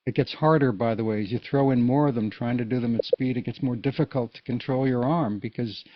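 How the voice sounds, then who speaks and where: A man with a mid-range voice gives a casual, patient spoken tutorial on Morse code, explaining each step plainly and fairly quickly. There is no echo, but the recording is dull and lo-fi.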